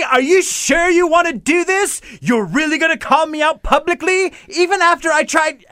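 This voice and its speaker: A man's voice: very high-pitched, pushed and bright, no echo, studio quality, pitched above the performer's own voice, exaggerated voice. A man voicing a catty, defensive office woman who snaps back at coworkers. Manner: snippy, confrontational.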